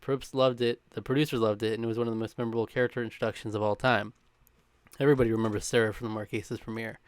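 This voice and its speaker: A man reads a countdown script at a quick clip, now and then breaking into a chuckle. His voice is smooth and crisp, and the recording is dry and close, with no room sound. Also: medium pitch, no echo. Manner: brisk, chuckling between lines. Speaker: co-host reading a countdown. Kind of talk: scripted read with casual chat.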